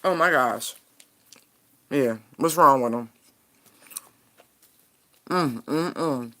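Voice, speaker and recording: A woman's voice: a bass voice, extremely slow, pushed and bright. A woman giving a casual tarot reading, talking bluntly and frankly and laughing often. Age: adult parent. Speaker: tarot reader.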